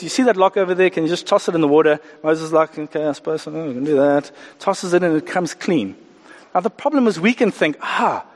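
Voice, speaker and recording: Animated preacher, high voice. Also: male voice. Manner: animated, acts out quoted voices. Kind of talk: sermon. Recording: hall reverb.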